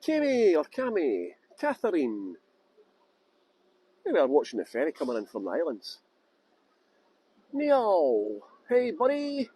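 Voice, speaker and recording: A man's voice: high voice, huge pitch swings, measured pace, pauses often, mellow, husky. A Scottish man giving a casual live-streamed walking tour outdoors by a harbour, chatty and jokey, greeting viewers by name. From Scotland. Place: outdoors at a harbour ferry terminal.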